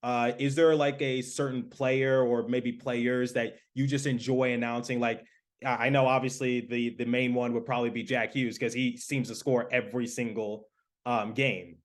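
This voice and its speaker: A man's voice: medium pitch, flat delivery, moderate pace. A young adult man hosting a sports podcast, asking long rambling questions full of fillers. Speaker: podcast host. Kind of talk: casual interview podcast.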